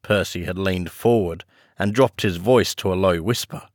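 Man, audiobook host, measured storytelling, friendly, low voice, dry. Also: dry recording. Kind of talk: audiobook narration.

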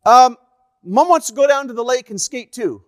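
Eager teenage son shouting up the stairs, a man putting him on, pitched way up high. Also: brisk, dry recording, studio quality, natural voice. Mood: eager calling. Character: eager teenage son calling up to his dad.

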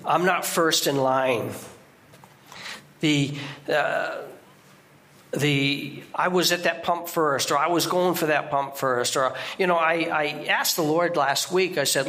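A man's voice: on the high side, slow, bright, forceful tone. A middle-aged man giving a guest sermon in a church, preaching conversationally with restarts and sudden emphatic outbursts.

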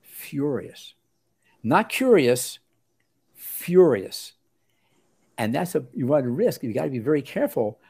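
Brisk and mid-range, this older male doctor's mellow voice carries vocal fry and a breathy edge. As an osteopathic family physician being interviewed, he shares relaxed stories, rambling with frequent restarts and animated quoted voices.

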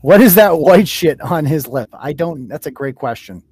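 A man hosting a casual livestream chat, blunt and profane and quick to laugh at his guests. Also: fairly high pitch, animated, a little mellow, breathy edge, no echo. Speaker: host.

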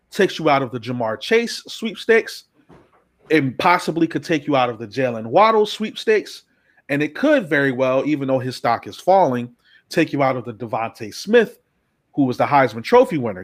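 A man hosting a casual sports talk show, ranting in an animated, profane way. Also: on the high side. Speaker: podcast host.

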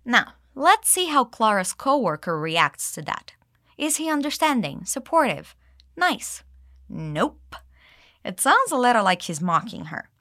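A woman teaching English, explaining dialogue lines and modeling them slowly for learners to repeat. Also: fairly high pitch, sing-song, sharp tone, no room sound, studio quality. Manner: clear, slow modeling of phrases with exaggerated intonation. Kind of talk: English lesson with repeat-after-me drills.

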